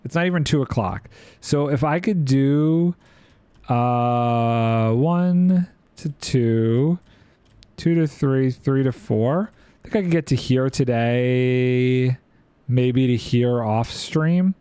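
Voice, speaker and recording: A man's voice: medium pitch, slow, mellow, clean tone, no echo. A man streaming a building game, chatting playfully and thinking aloud while reading chat. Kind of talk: casual gameplay commentary.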